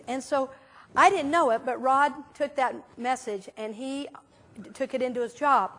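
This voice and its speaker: A woman minister preaches in a loose, chatty way, full of little fillers as she tells her stories. Her voice sits high and bright, and she talks to the room as if chatting with friends. It is a casual, animated sermon. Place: church sanctuary.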